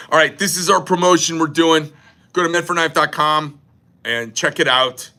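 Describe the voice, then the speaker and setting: A man's voice: on the high side, fairly even intonation, a little slow, sharp tone. A man, a knife company owner, talking in a profane, joking, rambling style on a casual livestream. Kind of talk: casual crude livestream rant.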